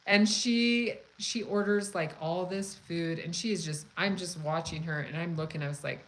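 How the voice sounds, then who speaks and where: A woman hosting a cooking channel, chatting casually and telling a story in a frank, profane, animated way. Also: on the low side, moderate pace, poor audio. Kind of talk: casual live chat storytelling.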